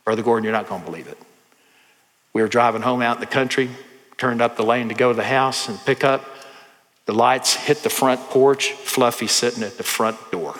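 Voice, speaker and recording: Folksy Texan preacher in a reverberant hall. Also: male voice, medium pitch, a little fast. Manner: folksy, animated storyteller who acts out voices. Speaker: pastor. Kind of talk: storytelling sermon.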